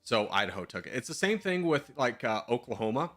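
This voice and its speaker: A man's voice: mid-range voice, big pitch swings, brisk, fairly bright tone, faint music behind. A male streamer in casual live-stream commentary, thinking aloud in a chatty, self-mocking way.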